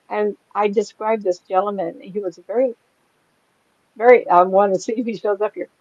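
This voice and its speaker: An older woman, a psychic medium, telling anecdotes in a chatty, animated way and laughing often as she talks. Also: medium pitch, normal speed, no room sound. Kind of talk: casual storytelling in an interview. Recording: dry, slightly dull lo-fi sound.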